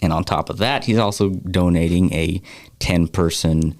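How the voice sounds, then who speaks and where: A man talking in a relaxed, easygoing way as a guest on a radio show, promoting an upcoming banquet with plenty of fillers. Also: sits low, moderate pace, no room sound, studio quality. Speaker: guest, foundation organizer. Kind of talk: casual radio chat.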